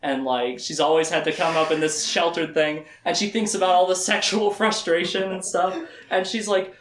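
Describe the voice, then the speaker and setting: A man's voice: high voice, moderate pace, reverberant. A man casually recapping a fantasy novel for a podcast, rambling, laughing and quoting the characters. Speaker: podcast host. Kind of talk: casual book discussion.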